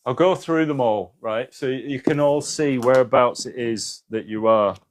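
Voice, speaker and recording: A man's voice: mid-range voice, unhurried. A man hosting a casual spiritual livestream, talking earnestly, swearing freely and reading passages aloud with emphasis. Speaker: spiritual live-stream host.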